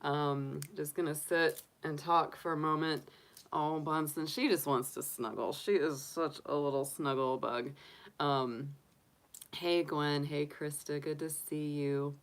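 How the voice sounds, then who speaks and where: A woman hosting a casual livestream, talking softly and fondly with lots of fillers, sniffly and congested from allergies. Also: low voice, fairly even intonation, measured pace. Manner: soft, doting, chatty with frequent fillers. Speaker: tarot reader and livestream host.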